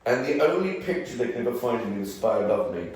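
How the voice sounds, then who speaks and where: A man's voice: mid-range voice, sing-song, fast, a little mellow, slight background noise. Older Birmingham man rambling in a roomy hall. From England. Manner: rambling, jokey, casually swearing. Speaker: guest actor. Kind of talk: anecdotal talk and Q&A. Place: event room before a live audience. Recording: roomy hall, distant mic.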